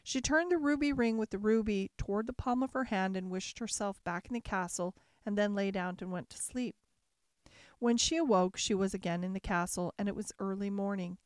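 A woman narrating a classic fairy tale as a calm, measured bedtime story. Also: mid-range voice, smooth, no room sound, studio quality.

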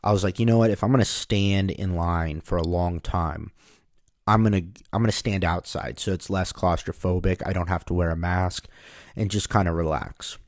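A man's voice: low-pitched, steady tone, moderate pace, dry recording, studio quality. A man telling a rambling, wry personal anecdote in a casual way, often restarting his words. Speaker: storyteller.

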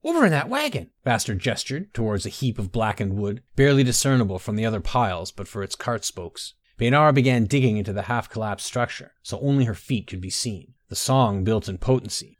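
Male narrator, low voice, close dry recording, measured audiobook reading. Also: dry recording. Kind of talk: scripted narration.

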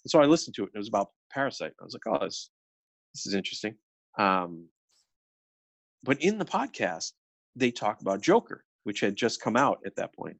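Man animated in podcast film chat. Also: on the low side, fairly quick, creaky, no room sound. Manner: animated, many restarts and quoted asides. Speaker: podcast co-host.

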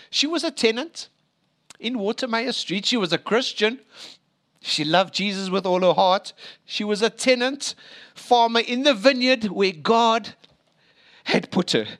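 A man preaching a sermon as a pastor, telling stories with emphatic rises and hushed drops. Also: sits high.

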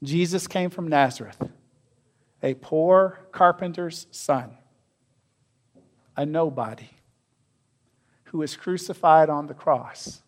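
Man, pastor, sermon, high voice, questioning the listeners, swings in loudness. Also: slow pace, long pauses. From North America. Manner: asks the congregation questions, varies loudness widely.

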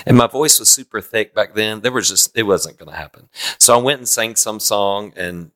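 A man in his fifties, a guest worship singer, telling stories in a rambling way with quick asides during a casual podcast chat. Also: fairly low pitch, fairly bright tone. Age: 50s. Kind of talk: casual conversation.

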